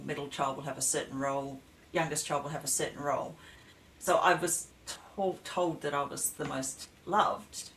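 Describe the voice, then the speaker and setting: A woman with a deep, low voice talks plainly about her past in a podcast chat. A light hiss of room noise stays behind her. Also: fairly bright tone, poor audio. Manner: matter-of-fact, recounts hard past plainly. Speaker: guest. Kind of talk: casual podcast conversation.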